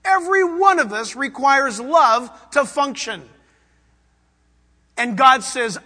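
A pastor preaches with a very high, bright and ringing voice. He drops to near whispers and then surges to loud emphasis. His words carry the long echo of a big church hall. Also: lively intonation, slow pace, long pauses. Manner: dramatic, swings from hushed to loud emphasis. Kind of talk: sermon.

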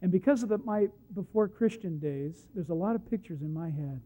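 A male preacher giving a sermon, emphatic, swinging from hushed asides to loud points and acting out the scripture stories he tells. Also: high-pitched, lively intonation, a little fast. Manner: acts out the Bible quotes he tells. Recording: muffled lo-fi recording.

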